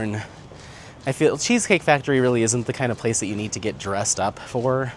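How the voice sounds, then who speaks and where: A man's voice: mid-range voice, moderate pace, long pauses. Male vlog host, chatty and laughing, walk-and-talk outdoors, faint traffic behind. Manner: chatty, laughing often, reads viewer comments aloud. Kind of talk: casual chat while walking. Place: outdoors on town streets. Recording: street noise, outdoor recording. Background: faint street and traffic sounds.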